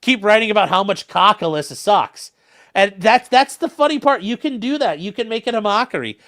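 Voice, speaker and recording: A man's voice: sits high, animated, fairly quick, a bit bright. A young man hosting a casual livestream, rambling through legal talk and viewer comments with plenty of fillers and restarts.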